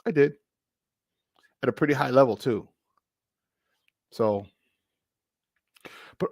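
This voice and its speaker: Fired-up sports talk host, dry sound. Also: male voice, medium pitch, takes it slowly, vocal fry, long pauses, breathy edge, no echo. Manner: animated and emphatic, repeating phrases for effect; greets chat viewers by name.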